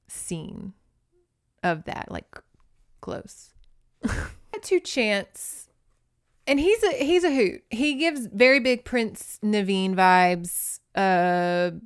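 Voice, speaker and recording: A woman's voice: mid-range voice, clear, resonant tone, no room sound, studio quality. Giggly chatty woman host. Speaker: podcast host. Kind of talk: casual chat, recapping a novel.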